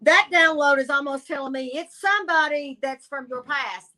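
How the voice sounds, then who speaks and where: Tennessee woman, Southern accent, sassy folksy guest reader, high and forceful. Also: normal speed, rough recording. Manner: animated folksy retelling, blunt and sassy. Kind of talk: live-stream storytelling.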